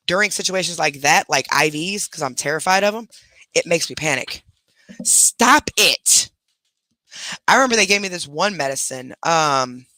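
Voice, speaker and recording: In a dry recording, a man with a fairly high, bright, forceful voice live streams casually from bed in his bedroom. He rambles and chats through stories, stopping between them to talk to his pets.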